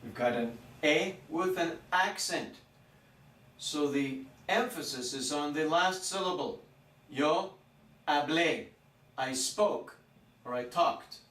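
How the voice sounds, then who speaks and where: A man teaching a Spanish grammar lesson, speaking slowly and stretching out words to show their pronunciation. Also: a little high, fairly bright tone. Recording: roomy echo, mic some distance off.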